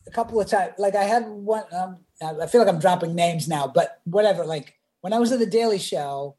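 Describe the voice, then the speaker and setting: A man telling a story as a podcast guest in a relaxed chat. He is animated and acts out the quoted lines with changing voices. He talks casually, with fillers, as he goes. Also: high voice, a little fast.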